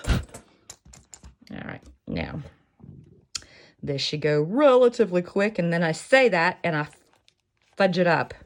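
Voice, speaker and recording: Rambling, jokey woman, lowish voice. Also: lively intonation, unhurried, creaky, pauses often. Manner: rambling, self-mocking, jokey asides. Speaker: sewing tutorial host. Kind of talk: casual chatty craft tutorial.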